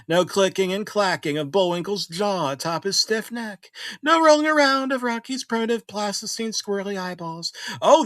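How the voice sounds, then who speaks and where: A middle-aged man narrating a horror story in a conversational way, swinging between loud exclamations and hushed asides. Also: fairly high pitch, dry recording, clean studio sound.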